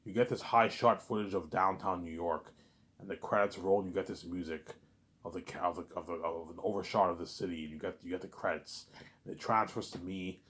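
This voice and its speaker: A deep-voiced, fairly quick-talking man, host of a listening series, rambles excitedly through a casual monologue. Words get repeated and sentences restarted often, with "you know what I'm saying" coming up a lot.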